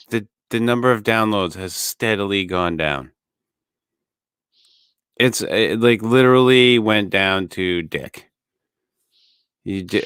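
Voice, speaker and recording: Male podcast co-host, low smooth voice, profane rambling rant, dry close mic. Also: a bit bright, no room sound. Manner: profane ranting, many restarts. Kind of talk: casual podcast chat.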